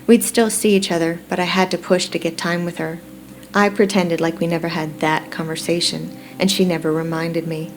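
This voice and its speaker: Low-voiced woman narrating a romance. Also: normal speed, slight background noise. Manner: steady, reflective storytelling. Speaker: audiobook narrator. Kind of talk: scripted first-person romance narration.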